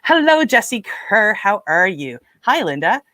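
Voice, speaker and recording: A woman's voice: medium pitch, sing-song, measured pace, sharp tone. A woman hosts a live stream in a loose, rambling way and greets her viewers one by one. Her voice sits in a middle range. The sound is close and dry, with no room echo. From Nova Scotia, Canada. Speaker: livestream host. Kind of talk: casual live-stream chat.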